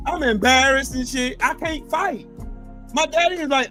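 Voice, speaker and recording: A man's voice: very high-pitched, normal speed, faint music behind. A man, a military veteran hosting a casual chat, telling profane stories with lots of laughter. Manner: animated, profane, laughing storyteller. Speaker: podcast host, military veteran.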